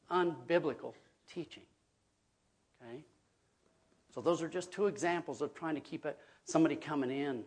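A man's voice: on the high side, vocal fry, breathy edge. A man preaching a sermon as pastor, earnest and conversational, often checking in with his listeners.

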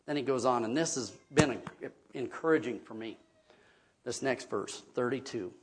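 A man's voice: medium pitch, moderate pace, a little hiss or hum. A man preaching a sermon as pastor, earnest and conversational, often checking in with his listeners.

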